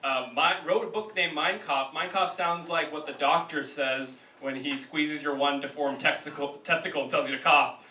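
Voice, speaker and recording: A man's voice: fairly high pitch, steady tone, bright, forceful tone, slight background noise. Man hosting a comedy roast. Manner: quick jokes, introducing acts. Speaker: roast host. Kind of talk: live comedy emcee. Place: comedy club stage with audience. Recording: echoey club, crowd, from far off.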